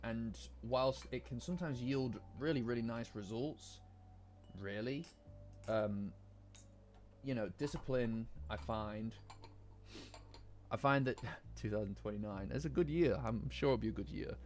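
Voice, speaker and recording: A man's voice: mid-range voice, a little slow, a little mellow, slight background noise. A man with a lingering cough, chatting casually and rambling with his live-stream audience, swearing now and then. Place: cold room at home. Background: faint lo-fi music.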